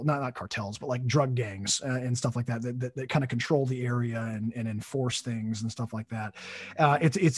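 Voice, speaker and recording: Guy rambling thru a story, lots of um and like, mid pitch, dry close sound. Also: no echo. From United States. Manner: rambling, many restarts and fillers. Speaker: podcast host. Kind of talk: casual storytelling.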